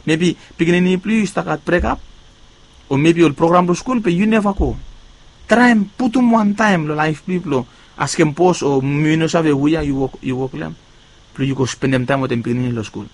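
Man preaching a sermon. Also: brisk. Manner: emphatic rises on key words, phrase endings fading low and quiet.

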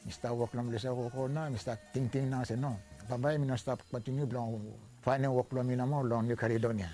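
An older man from Vanuatu with a Bislama-speaking ni-Vanuatu accent, slowly recalling his life in an oral history interview and mixing in English and French words. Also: medium pitch, steady tone, warm tone, soft background music. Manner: slow, searching, mixes Bislama with English and French.

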